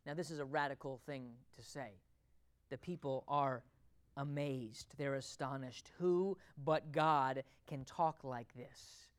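A pastor preaching a sermon to a congregation, emphatic, asking rhetorical questions and swinging between loud and quiet delivery. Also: mid-range voice, slow pace, clear, resonant tone.

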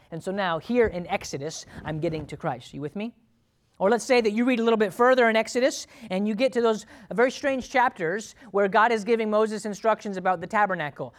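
A man's voice: high-pitched, fairly quick. A man, a pastor, preaching a sermon in a conversational way, asking the congregation questions and acting out thoughts and prayers aloud.

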